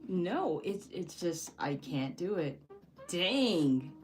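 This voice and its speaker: A woman's voice: lowish voice, sing-song, very slow. A young woman talking casually while painting, frustrated and joking about herself, laughing often. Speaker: painting vlogger. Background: soft background music.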